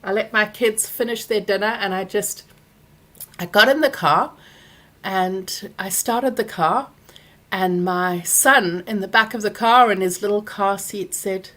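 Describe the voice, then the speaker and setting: A woman, hosting a live Q&A and telling a personal story, animated when she acts out what others said. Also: medium pitch, a little slow. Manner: animated when acting out quoted people. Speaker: workshop host answering questions.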